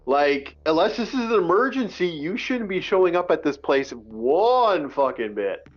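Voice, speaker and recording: A man's voice: fairly high pitch, very animated, moderate pace, faint music behind. A man co-hosting a podcast, ranting angrily in casual chat, swearing and restarting his sentences often. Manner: profane, heated ranting with many restarts. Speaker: podcast co-host. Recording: dull lo-fi audio.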